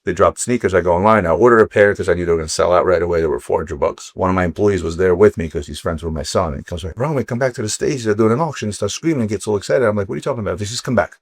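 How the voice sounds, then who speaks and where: A middle-aged man from Ukraine, a watch dealer, telling stories in casual chat, animated and swearing freely. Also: sits low, very fast, hardly any pauses, no room sound. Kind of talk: casual storytelling.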